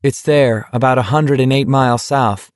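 Male narrator as a blunt, touchy small-town young man, mid-pitched, close and dry. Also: fairly even intonation, normal speed, no echo, lightly acted.

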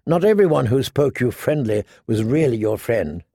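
Man, audiobook narrator, measured, gravelly, dry close recording. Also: mid-range voice, animated, dark tone, no echo. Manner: measured storytelling. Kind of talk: scripted narration.

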